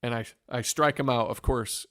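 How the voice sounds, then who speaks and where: A man from Northwest Ohio, a former pitcher, telling an earnest story in an interview with many restarts. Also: steady tone, moderate pace, fairly bright tone, no echo, studio quality. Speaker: former pro pitcher, podcast guest.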